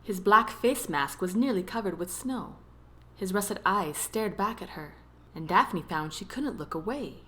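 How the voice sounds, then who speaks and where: A woman narrating a romance novel as an audiobook, with expressive storytelling. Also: medium pitch, measured pace. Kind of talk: scripted narration.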